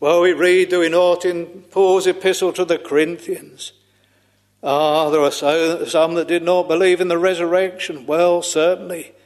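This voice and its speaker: A man's voice: high-pitched, little pitch movement, big-room sound. A man preaching a solemn sermon, drawing out his phrases and sighing "ah" between them in old-fashioned scriptural language. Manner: slow, solemn, drawn-out preaching with frequent sighing "ah"s.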